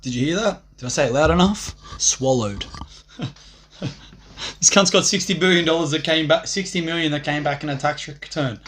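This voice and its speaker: A man's voice: a little high, a little fast, fairly bright tone, a little hiss or hum. A young man rambling profanely on a livestream, swaggering and laughing at his own jokes.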